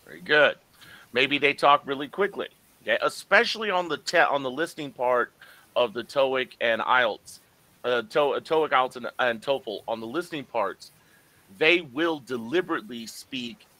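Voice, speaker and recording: A male English teacher lecturing an online class, lively and joking as he acts out puzzled students' reactions. His voice is bright and forceful, sitting in a middle pitch range for a man. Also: moderate pace, rough recording. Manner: animated and joking, acting out confused listeners.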